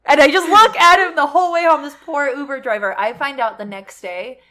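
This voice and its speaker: A young woman telling a story in casual chat, animated and swearing freely. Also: high voice, brisk.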